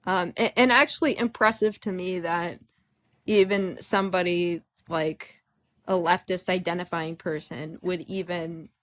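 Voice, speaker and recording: A woman co-hosting a podcast, commenting in an animated, sarcastic way during a political discussion. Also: fairly low pitch, unhurried. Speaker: podcast co-host.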